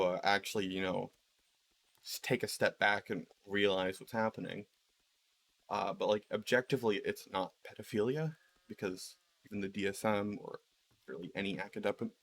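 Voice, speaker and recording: A man's voice: on the low side, fairly bright tone, slight background noise. A man ranting casually while playing a game, rambling with lots of fillers and swearing. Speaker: video creator. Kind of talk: casual rant while gaming.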